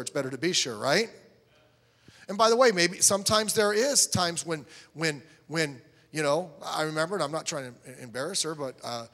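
Bright-voiced preacher in an echoey hall. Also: male voice, on the high side. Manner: animated storytelling, acting out both sides of conversations. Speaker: pastor. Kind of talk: sermon.

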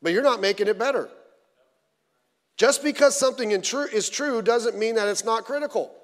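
A man preaching a sermon in a conversational, animated way, acting out what people say. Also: extremely high pitch, moderate pace. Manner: conversational, animated, acts out quoted voices. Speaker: pastor. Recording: long hall reverb.

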